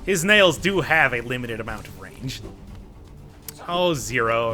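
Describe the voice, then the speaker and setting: A man's voice: mid-range voice, very animated, measured pace, bright, forceful tone, soft background music. A man giving casual, joking commentary while playing a video game, often talking back to the game's characters. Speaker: gaming let's-player.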